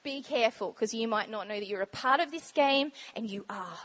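A high-voiced woman gives a casual sermon talk in a church. She is bubbly and chatty and laughs often as she speaks. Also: brisk, fairly bright tone. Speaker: church speaker sharing testimony.

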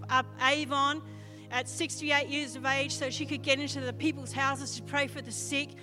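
An Australian woman pastor preaching a sermon, telling a personal testimony in an animated way. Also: high voice. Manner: animated storytelling testimony, acting out quoted voices.

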